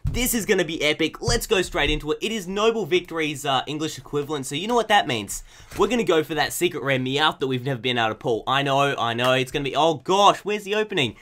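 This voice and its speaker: A young man with an Australian accent, his tone bright and forceful and pitched a little high. He chats casually while unboxing trading cards, goofy and excitable, bursting into loud shouts and giggles. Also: fast. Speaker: YouTuber opening trading cards.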